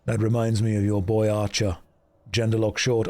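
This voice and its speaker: A man with a deep voice, livestreaming a game and chatting in a dry, mock-serious joking way. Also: little pitch movement, moderate pace, dark tone, dry recording. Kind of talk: casual gameplay chat.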